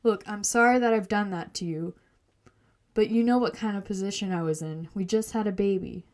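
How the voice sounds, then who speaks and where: A woman's voice: medium pitch, brisk, darkish tone, close to an everyday voice. A woman voicing a secretive, worried father with a hidden past in a storybook podcast, earnest and confessional. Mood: confessing.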